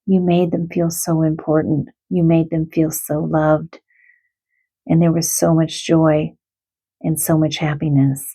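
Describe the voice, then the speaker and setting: Slow, mellow-voiced woman giving a spiritual reading. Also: deep voice, little pitch movement, breathy edge, low-quality recording. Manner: gentle, heartfelt and reassuring. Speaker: animal communicator and tarot reader. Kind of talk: spiritual card reading to viewers.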